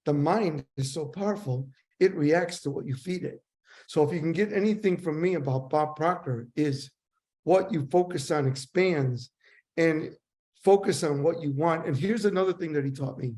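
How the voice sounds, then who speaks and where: Animated older man telling stories. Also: fairly high pitch, normal speed. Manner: animated, acts out dialogue. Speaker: guest. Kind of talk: storytelling interview.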